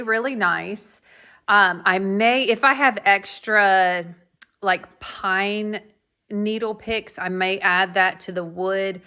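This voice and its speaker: A woman's voice: medium pitch, pushed and bright. Middle-aged woman, home vlogger; blunt, folksy, chatty. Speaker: home decor YouTuber. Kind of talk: casual decorate-with-me vlog.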